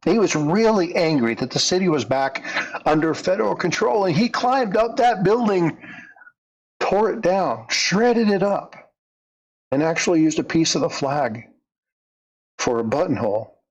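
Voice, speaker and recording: A man's voice: a little high, animated, a little slow, rough recording. A man narrating a story in a conversational way, leaning into the dramatic moments. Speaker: storyteller, coin channel host.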